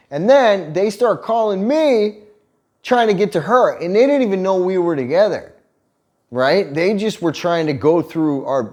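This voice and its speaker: A man in his thirties, casually telling a story on a couple's vlog, swearing freely and laughing as he goes. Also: a little high. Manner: profane, animated retelling with laughter. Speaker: vlog co-host.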